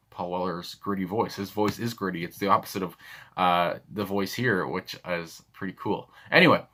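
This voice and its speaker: A man's voice: sits low, a bit bright. A young man hosting a music reaction video, talking casually and rambling with lots of fillers and restarts. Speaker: music reaction channel host.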